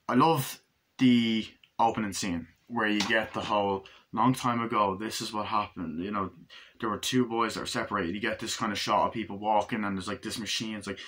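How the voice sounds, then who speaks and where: Bright-voiced man gushing in a film review. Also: mid-range voice. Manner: enthusiastic, swears often, acts out scenes. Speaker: movie reviewer. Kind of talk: casual movie review vlog.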